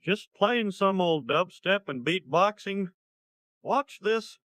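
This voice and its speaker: A blunt small-town dad. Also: male voice, high voice, lively intonation, slow pace, fairly bright tone, no room sound, heavily acted. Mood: plain. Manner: blunt, plain-spoken. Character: gruff middle-aged small-town dad. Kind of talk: synthetic parody cartoon voice.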